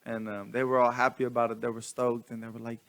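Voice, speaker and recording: A man's voice: medium pitch, level tone, fast talker, vocal fry, a bit bright. A man casually telling a story to his camera, rambling with restarts and slang. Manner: rambling, many restarts, laughs often; slangy, laid-back. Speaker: vlogger.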